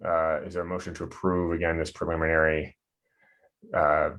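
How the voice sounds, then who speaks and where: A man's voice: rumbling low, flat delivery, normal speed, a bit bright. A man chairing a board meeting over a video call, talking hesitantly with many fillers and restarts.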